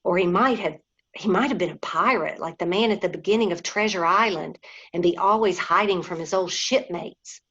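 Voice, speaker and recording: A woman's voice: on the low side, normal speed, slightly rough. A woman voicing a miserable, wound-up young boy in a storybook reading. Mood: anxious. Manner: upset, speaking louder. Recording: dull lo-fi recording.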